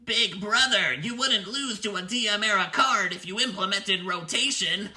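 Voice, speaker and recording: A man's voice: sits high, moderate pace, pushed and bright, slight background noise. A man putting on goofy, exaggerated voices in a comedy meme skit.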